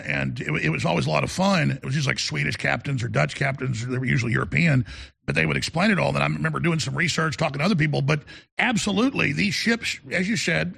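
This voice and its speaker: Male radio host, gravelly and husky, slightly high-pitched, emphatic and rambling. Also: fairly bright tone. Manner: rambling, emphatic, repeats words. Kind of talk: call-in radio talk.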